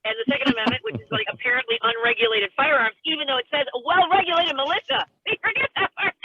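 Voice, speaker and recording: A woman's voice: sits high, fast talker, very noisy. A woman stand-up comedian ranting in an exasperated, self-mocking way on a video call. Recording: tinny phone-like line.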